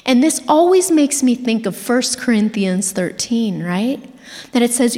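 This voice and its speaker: A woman's voice: a little high, animated, a little slow, dark tone. A woman preaching a sermon in an earnest, emphatic way, asking rhetorical questions. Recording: reverberant hall.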